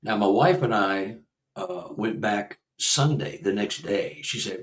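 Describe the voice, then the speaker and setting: A man in his sixties, a guest researcher and author, telling a personal story in a casual conversation, animated and laughing as he acts out what people said. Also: fairly low pitch, measured pace, echoey room, recorded from a distance, low-quality recording. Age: 60s.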